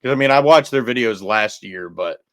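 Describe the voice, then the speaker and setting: A man co-hosting a podcast in casual chat, relaxed and quick to laugh. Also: medium pitch, no echo. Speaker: podcast co-host.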